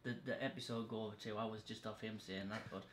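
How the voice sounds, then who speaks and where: A man's voice: lowish voice, steady tone, fast, crowd noise. A man hosting a podcast, telling stories in a blunt, sweary, casual way. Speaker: podcast host. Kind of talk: casual chat. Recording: echoey room.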